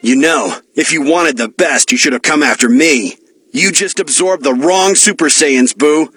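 An actor voicing a defiant young male martial arts hero in an anime dub, calm and cocky. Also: on the high side, unhurried, soft background music.

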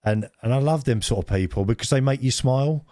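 A podcast co-host chats casually, telling rambling stories and laughing a lot. His voice is medium-pitched and mellow, he talks fast, and the studio-quality recording has no room sound.

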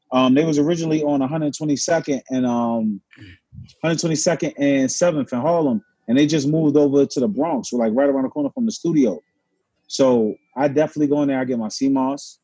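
Husky-voiced animated New man. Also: medium pitch, dry recording, low-quality recording. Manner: animated, storytelling, profane slang. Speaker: podcast co-host. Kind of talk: casual chat.

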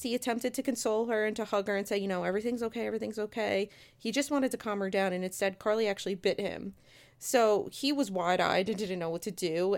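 A woman's voice: mid-range voice, creaky. A woman casually telling a true-crime story, chatty and conversational, with asides to her listeners. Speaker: storyteller host.

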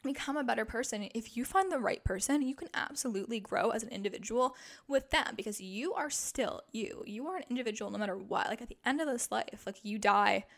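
A woman's voice: fairly high pitch, expressive, fairly quick, gravelly. A young woman hosting a podcast, talking in a chatty, emphatic way, full of "like" fillers. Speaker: podcast host. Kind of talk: casual podcast monologue.

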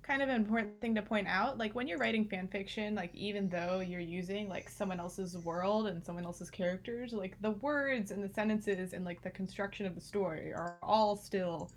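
A woman's voice: mid-range voice, normal speed, few pauses, slight background noise. A young woman co-hosts a podcast in easy, casual chat. She talks in a chatty way, laughs often, and restarts her sentences with plenty of likes along the way. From United States. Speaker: podcast co-host.

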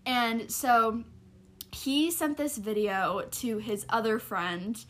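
A young woman spins a long personal story for a casual podcast. Her voice sits a touch high, and she rambles through fillers and restarts with blunt, profane candor. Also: takes it slowly. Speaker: podcast co-host telling a story.

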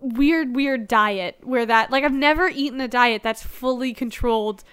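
A young woman co-hosting a casual chat, animated and full of "like" fillers. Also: on the high side, normal speed, smooth. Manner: animated, frequent "like", laughs often. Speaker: co-host.

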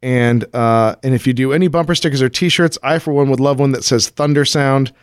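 A man's voice: medium pitch, a little fast, clean tone, no room sound, clean studio sound. A man co-hosting a casual podcast, reading listener mail with frequent laughter. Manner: upbeat, laughs often. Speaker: podcast co-host.

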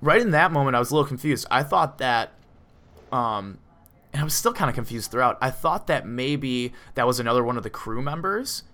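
A man's voice: mid-range voice, lively intonation, brisk, pushed and bright. A man co-hosting a casual movie discussion podcast, rambling with lots of "like" and "um" fillers. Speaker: podcast co-host.

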